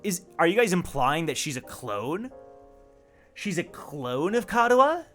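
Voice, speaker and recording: A young man streaming a story game, reacting with excitable, animated speculation. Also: on the high side, unhurried, faint music behind. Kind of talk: live let's play commentary.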